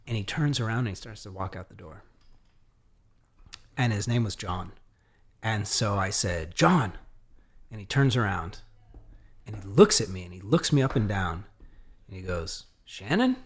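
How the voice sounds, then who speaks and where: Man telling a lively story. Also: on the low side, slightly rough. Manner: animated, acts out quoted dialogue; frequent fillers and restarts. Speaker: podcast guest. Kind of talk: casual storytelling.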